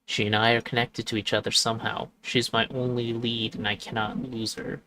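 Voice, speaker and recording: A man's voice: mid-range voice, flat delivery, fairly quick, bright, forceful tone, a little hiss or hum, rough recording. A man reading the lines of a thoughtful male ghost detective in a fairly plain voice. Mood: pensive.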